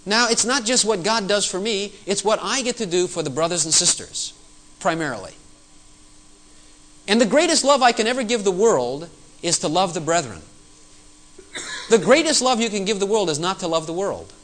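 A male pastor preaching a sermon to his congregation, animated and full of rhetorical questions. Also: high-pitched, normal speed, long pauses, low-quality recording.

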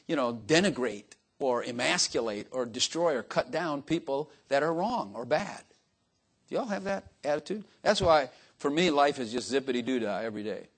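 Folksy older preacher, joking. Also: male voice, mid-range voice, slightly rough. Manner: folksy, joking asides, frequent "Amen?" to the crowd. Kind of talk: informal sermon to a congregation.

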